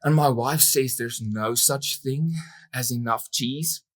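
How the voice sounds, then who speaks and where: A man giving a keynote on stage, animated and emphatic, with playful asides to the audience. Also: slow pace, dry recording. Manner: animated, emphatic, with sudden jumps in pitch and loudness. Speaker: event industry speaker.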